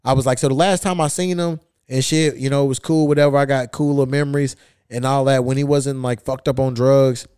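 A man's voice: medium pitch, steady tone, a little fast, darkish tone, smooth, no echo, studio quality. A podcast host telling a long, profane story in casual chat, acting out the people he quotes. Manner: profane, acts out quoted voices.

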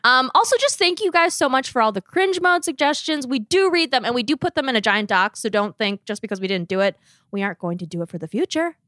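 Bright, giggly young woman co-host. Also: fairly high pitch, lively intonation, fast talker, no room sound, clean studio sound. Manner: giggly, reading listener posts. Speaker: podcast co-host. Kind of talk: casual chat.

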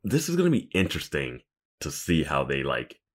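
A man's voice: very deep voice, wildly swooping pitch, normal speed. A young man co-hosting a podcast, chatting casually and reacting with frequent laughs. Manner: laughs often, enthusiastic reactions. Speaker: podcast co-host. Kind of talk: casual recap chat.

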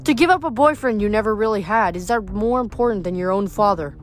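A woman reading aloud, voicing a huge, cruel male giant who speaks in low rumbling taunts. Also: fast talker, soft background music, natural voice. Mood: menacing.

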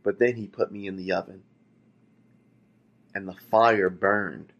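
A preacher voicing a talking teacup telling its story. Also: male voice, sits low, steady tone, measured pace, a bit bright, muffled recording. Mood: recounting. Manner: pleading storytelling in first person. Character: talking antique teacup recalling being shaped by a potter. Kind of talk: sermon illustration.

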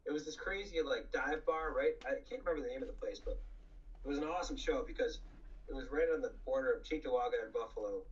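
A man's voice: mid-range voice, fast talker. A man who fronted a punk band tells rambling, profane stories in casual conversation, laughing often and filling his talk with "like" and "you know.". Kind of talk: casual anecdotal storytelling. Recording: slightly distant, dull lo-fi mic.

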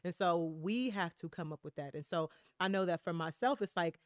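A woman's voice: fairly low pitch, lively intonation, brisk, no room sound, clean studio sound. Earnest woman guest speaking reflectively. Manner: earnest, reflective, many fillers and affirmations. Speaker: podcast guest. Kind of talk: casual chat.

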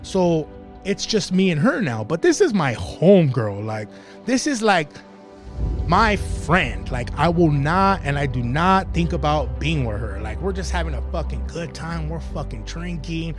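A man's voice: fairly high pitch, big pitch swings, measured pace, music in the background. A man telling a profane, laughing story in casual podcast talk. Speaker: podcast guest.

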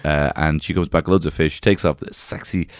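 A man's voice: very deep voice, fairly even intonation, normal speed, no room sound, studio quality. A young man co-hosting a podcast, rambling through crude comedic banter with lots of fillers. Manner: rambling, with frequent fillers and laughs. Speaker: podcast co-host.

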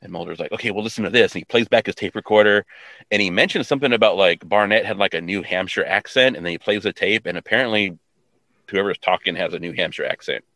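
A man with a fairly low voice chats through a TV episode recap, rambling and piling on fillers while quoting characters offhand. The sound is dry and close, with no room around it. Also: fast, pushed and bright, no room sound. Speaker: podcast co-host. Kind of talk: casual episode recap chat.

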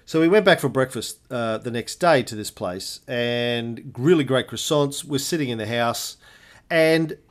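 A man, a podcast co-host telling a lively anecdote in casual chat, swearing freely. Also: medium pitch, unhurried. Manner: animated storyteller, swears freely.

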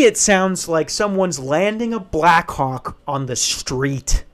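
A young man rants in a small back office, swearing freely and dripping with sarcasm. His voice sits a little high for a man, and he sounds openly exasperated. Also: unhurried, hardly any pauses, a bit bright. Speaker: comedic ranter. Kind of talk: casual comedic rant.

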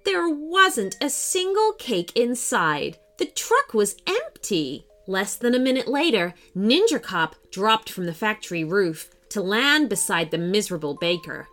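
Slow, lively woman storyteller. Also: mid-range voice. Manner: expressive, dramatic read-aloud. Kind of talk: children's story narration.

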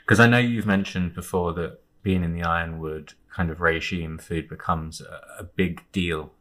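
A male interviewer with a very deep, monotone voice. He asks questions calmly and stops to rephrase mid-sentence as he searches for the right words. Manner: measured, hesitant rephrasing.

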